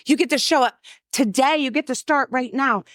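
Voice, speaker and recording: A middle-aged woman, sharing her recovery story in loud, emphatic testimony and acting out the quotes. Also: sits high, normal speed, no echo, studio quality. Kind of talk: personal testimony.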